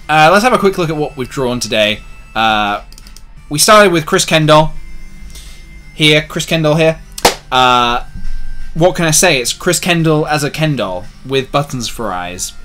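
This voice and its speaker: A man's voice: medium pitch, pushed and bright. A young man hosting a live drawing stream, chatting with viewers in a rambling, self-mocking way. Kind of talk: casual live-stream chat while drawing.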